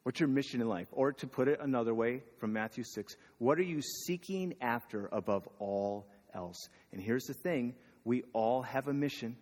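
A man's voice: medium pitch, moderate pace, darkish tone. Guy preaching a sermon, chatty, asks lots of questions, sounds like a big echoey hall. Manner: conversational preaching with rhetorical questions. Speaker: pastor. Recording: long reverb of a hall.

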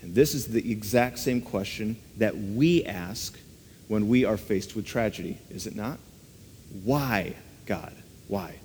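A man's voice: fairly low pitch, moderate pace, a little mellow, slight background noise. A man preaching a sermon in an earnest, conversational way, often turning statements into rhetorical questions. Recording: long reverb of a large hall.

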